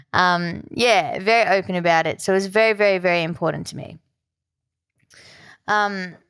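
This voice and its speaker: Young aussie woman getting emotional telling her story, lowish voice, super clear, lots of ums. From Australia. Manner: emotional, open, many fillers. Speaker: guest musician. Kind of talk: personal storytelling.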